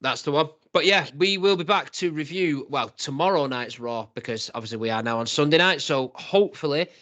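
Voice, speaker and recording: A man hosting a laid-back podcast chat. His voice sits a little high and sounds very bright and forceful. He talks in a chatty way, laughs a lot, and acts out little quoted voices. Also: brisk. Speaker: podcast host. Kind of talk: casual wrestling podcast chat.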